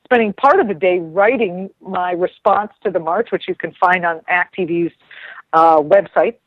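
A woman's voice: lowish voice, normal speed. A chatty woman talks as a radio guest, circling back and restarting her sentences as she goes. The sound is dull and lo-fi, like an older radio broadcast. It is also very dry, with no room echo at all. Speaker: guest commentator. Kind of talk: casual radio chat.

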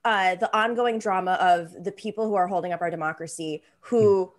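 A woman hosting a political talk show, talking in an animated, rambling and self-deprecating way. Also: lowish voice, a little fast.

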